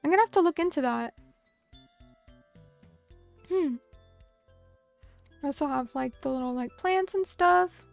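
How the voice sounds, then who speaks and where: Over soft background music, a young streamer reads out chat comments and responds in a bubbly, chatty way, using many fillers. Her high voice is unhurried and gravelly, with long pauses.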